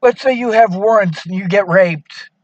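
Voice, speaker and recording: A man's voice: sits high, moderate pace, no echo. A man on a phone call, distressed and pleading, bitter and near tears.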